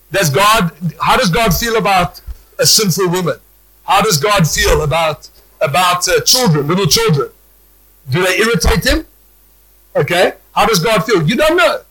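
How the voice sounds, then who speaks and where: A man delivers a sermon in a high, bright voice. He talks in animated bursts and often restarts his sentences. At times he rises to shouts. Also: slightly rough, low-quality recording. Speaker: preacher.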